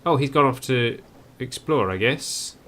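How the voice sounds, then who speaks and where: A man's voice: medium pitch, lively intonation, a little slow, a bit bright. A man giving first-play game commentary, musing aloud and reading on-screen text as he goes. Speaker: game streamer.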